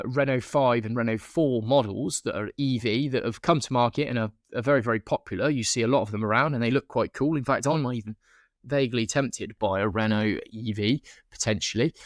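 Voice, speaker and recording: A man's voice: mid-range voice, no echo, studio quality. Chatty man on a podcast. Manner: rambling, many restarts and fillers. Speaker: podcast co-host. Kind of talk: casual podcast chat.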